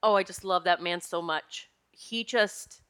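Woman host, bright and candid, spiritual storyteller, animated and emotional. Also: lowish voice, a little slow, smooth. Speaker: podcast host and retreat leader. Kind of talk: personal spiritual talk to listeners. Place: Pennsylvania home.

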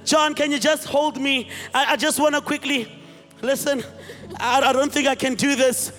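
A man acting out a nervous, excitable fisherman who pleads with his friends and then rejoices. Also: very high-pitched, moderate pace. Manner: hesitant, pleading, then overjoyed. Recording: reverberant hall, faint music.

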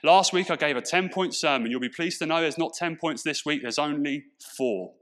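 English guy preaching, bright forceful tone, asks the room stuff a lot. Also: a little high, normal speed. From Portsmouth, England. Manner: emphatic preaching with rhetorical questions. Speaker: pastor. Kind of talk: sermon.

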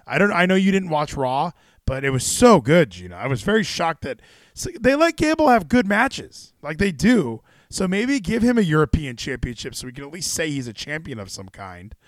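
Animated rambling male stream host. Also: a little high, normal speed, no room sound, clean studio sound. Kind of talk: casual wrestling chat.

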